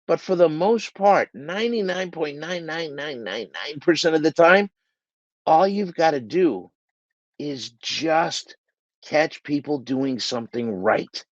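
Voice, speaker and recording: A man's voice: on the high side, expressive, takes it slowly, dry recording, muffled recording. A man hosting a motivational business talk, earnest and emphatic, repeating key points for stress. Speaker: business coach and podcast host. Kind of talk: motivational talk to shop owners.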